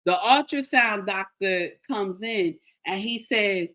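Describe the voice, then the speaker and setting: A woman's voice: medium pitch, takes it slowly, hardly any pauses. Emphatic woman telling a personal story. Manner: animated and emphatic, repeats lines, calls out to listeners. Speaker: storyteller addressing viewers.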